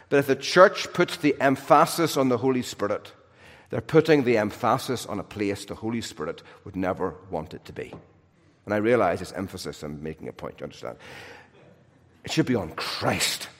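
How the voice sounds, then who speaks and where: A male preacher delivering a sermon in a big hall whose long reverb trails after each phrase. He leans hard into key lines, then drops to a near hush. His voice sits at an ordinary male pitch. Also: expressive, brisk. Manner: dynamic, swings from loud emphasis to soft hushed drops.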